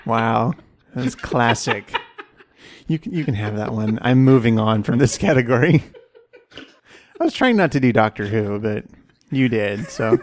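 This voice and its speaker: A man's voice: medium pitch, lively intonation, measured pace, long pauses. Giggly man trading puns. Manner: giggly, playful. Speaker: podcast co-host. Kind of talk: casual comedic banter.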